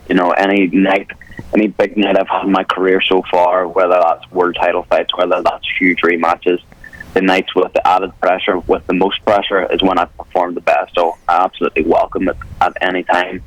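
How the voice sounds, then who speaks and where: A man's voice: low-pitched, a bit bright, no room sound, low-quality recording. A young man with a Northern Irish accent, an MMA fighter confidently and bluntly answering interview questions over the phone. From Northern Ireland. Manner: confident, blunt, swears casually. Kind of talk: phone interview on talk radio.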